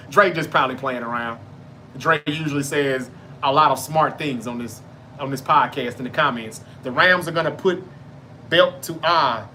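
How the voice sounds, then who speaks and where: A man with a Southern Mississippi drawl chats loosely through a live sports stream, reading viewer comments aloud and answering each one. His voice sits a bit high and comes across bright and forceful. A faint hum of room ambience runs underneath. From North Mississippi, US. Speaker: podcast host reading live chat. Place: home in Memphis, Tennessee.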